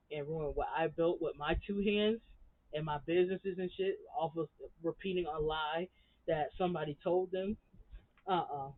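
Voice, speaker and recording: A woman reviewing a reality TV episode in a heated, blunt rant full of profanity. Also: sits low. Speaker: reality TV recap vlogger. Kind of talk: casual ranting commentary. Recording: tinny phone-like recording.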